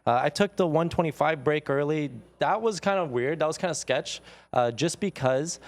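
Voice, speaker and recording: A man on a trading show recapping his day's trades in an excited, casual way, full of fillers and "like". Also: a little high, normal speed. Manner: excited, filler-heavy, says "like" a lot. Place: trading floor studio.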